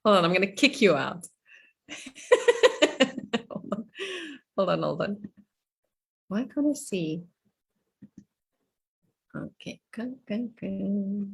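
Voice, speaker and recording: A woman's voice: medium pitch, gravelly, slightly rough. A middle-aged woman life coach running a live online coaching session over a video call, chatty and laughing often.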